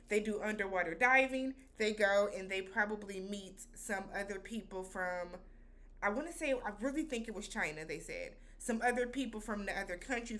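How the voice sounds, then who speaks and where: A woman's voice: mid-range voice, sharp tone. Chatty woman recapping a show. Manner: chatty, loose slangy phrasing with many fillers. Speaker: TV show reviewer. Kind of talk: casual episode recap.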